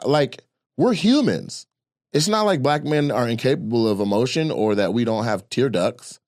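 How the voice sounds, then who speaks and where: A man talking in a casual podcast chat, animated and loose, swearing freely. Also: medium pitch, no echo, studio quality. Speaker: comedian and podcast guest.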